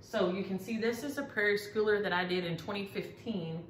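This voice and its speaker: Here a middle-aged woman, a needlework vlogger, speaks briskly in a mid-range voice, chatting with enthusiasm as she displays her stitching. Faint ambient noise can be heard in the echoey room.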